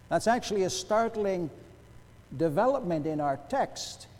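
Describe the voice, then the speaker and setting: A high-voiced man preaching in a church, his voice rising and falling dramatically from hushed to ringing. His tone is dark and mellow, and the long reverb of the sanctuary trails after every phrase. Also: sing-song, measured pace, long pauses. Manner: emphatic, rhetorical questions, wide swings in loudness. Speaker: pastor. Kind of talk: sermon.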